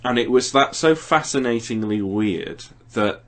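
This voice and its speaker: A man hosting a podcast, telling an anecdote in casual chat. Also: mid-range voice. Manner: animated storyteller, quick asides. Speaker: podcast host.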